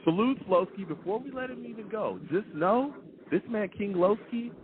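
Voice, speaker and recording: Lively man hosting a call-in show. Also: high-pitched, normal speed. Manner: animated, slangy, hypes callers. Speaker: podcast host taking calls. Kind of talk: casual call-in sports talk. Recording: phone-like line, faint noise.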